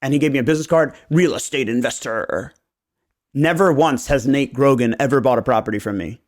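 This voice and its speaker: Animated, profane man telling client stories. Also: medium pitch, a little fast. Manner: animated storyteller who acts out clients' lines, profane. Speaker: real estate agent and podcast host. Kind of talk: casual podcast chat.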